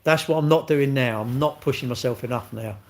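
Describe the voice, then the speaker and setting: A man's voice: medium pitch, a little fast. A man, chatting casually on a live stream and telling rambling, sweary stories while answering viewers. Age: 60s.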